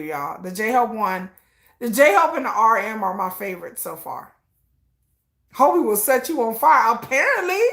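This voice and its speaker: A woman's voice: mid-range voice, creaky, reverberant. A woman hosting a casual livestream, talking expressively, swearing freely and answering viewer comments. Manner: animated, expressive, swears freely, frequent "I'm like" asides. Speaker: livestream host. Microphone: streaming setup.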